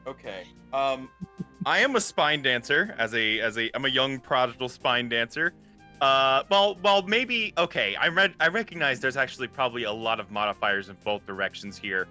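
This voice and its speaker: Frantic gamer guy, panting and cursing, bright swinging voice, light music under. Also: mid-range voice, moderate pace. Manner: frantic, swearing, breathless excitement. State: out of breath. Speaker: player. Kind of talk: live-streamed tabletop game.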